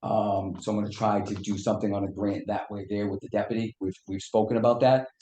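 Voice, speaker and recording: A man, a fire chief, making a budget case at a town meeting, earnest and hoarse, explaining at length with small restarts. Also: fairly low pitch, fairly even intonation, fast, dark tone, muffled recording. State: hoarse, losing his voice. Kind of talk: public meeting testimony. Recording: echoey meeting room.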